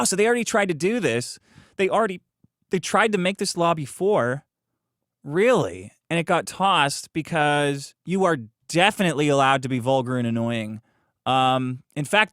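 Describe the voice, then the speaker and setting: A man with a fairly high voice talks close to the mic in a dry, dead room, with no echo. He reads legal text aloud in a flat way, then breaks into crude, sneering rants and jokes. The asides swear a lot and mock what he has just read. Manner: profane, sarcastic, mocking asides between read passages. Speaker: podcast host. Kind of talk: ranting commentary reading legal documents.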